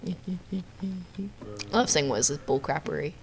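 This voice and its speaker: A woman giving playful, jokey live commentary on her own gameplay, with quick outbursts at the game. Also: low-pitched, gravelly, soft background music. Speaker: gamer narrating her own video.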